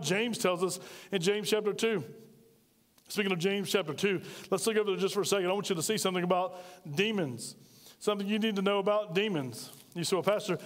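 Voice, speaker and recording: A man delivers an emphatic sermon, pressing his listeners with one rhetorical question after another. His voice sits high for a man. It rings out with the long reverb of a church hall. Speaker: pastor.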